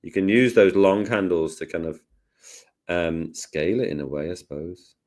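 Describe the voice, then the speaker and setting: A man hosting a casual live software lesson, jokey and self-deprecating as he talks through each step. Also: sits low, normal speed. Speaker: host, design tutor.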